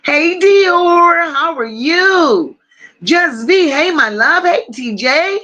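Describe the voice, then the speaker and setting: A woman hosting a casual livestream, slowly greeting viewers by name and reading their comments aloud. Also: very high-pitched, expressive, dull audio. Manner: warm drawn-out greetings with endearments. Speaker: livestream host.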